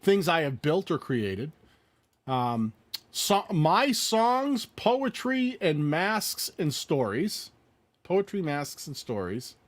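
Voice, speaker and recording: A man co-hosting a live-stream channel review game show, playful and lively, thinking aloud as he reads. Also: fairly high pitch, slow, no room sound. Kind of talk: casual live-stream banter and channel critique.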